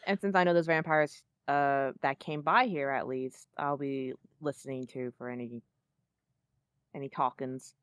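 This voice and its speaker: A woman's voice: a bass voice, steady tone, a little slow, clean tone, dry recording, studio quality. A woman playing a tabletop game, describing her character's plans hesitantly, with many fillers. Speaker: player.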